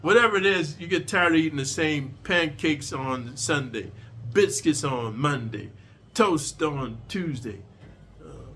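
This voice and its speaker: A man's voice: on the high side, pushed and bright, slight background noise. A man telling a prison story in a casual, profane, streetwise way, lecturing his listeners.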